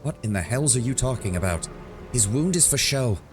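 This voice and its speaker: A man's voice: mid-range voice, animated, fairly quick, music in the background, pitched above the performer's own voice, lightly acted. A man voicing a fierce female elf warrior in a fantasy game, delivering her accusations in a raised, commanding tone. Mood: accusing. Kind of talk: reading game dialogue aloud.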